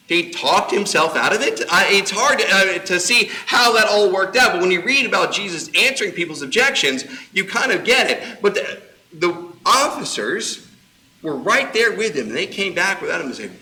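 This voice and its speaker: A man's voice: high-pitched, big pitch swings, normal speed, sharp tone. A man preaching a sermon, explaining scripture in a conversational way with casual asides. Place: church auditorium. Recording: echoey church room.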